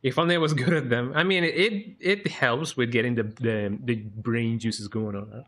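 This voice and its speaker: During a casual live stream of a video game, a man with a medium-pitched voice talks at a moderate pace. He rambles in a relaxed way and tacks "eh?" onto many of his lines.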